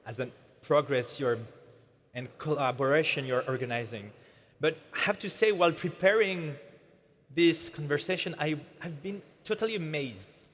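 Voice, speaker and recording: A man's voice: fairly high pitch, fairly bright tone, slight background noise. Guy moderating on stage, kinda hesitant, lots of uh and restarts, big echoey hall. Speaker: conference moderator. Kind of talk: onstage interview. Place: large conference hall, on stage. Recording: reverberant hall with faint ambience.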